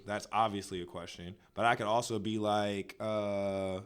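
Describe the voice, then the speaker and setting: A man's voice: fairly low pitch, steady tone, normal speed, clean tone. A young man co-hosting a podcast, chatting casually and joking with lots of fillers. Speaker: podcast co-host. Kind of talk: casual chat.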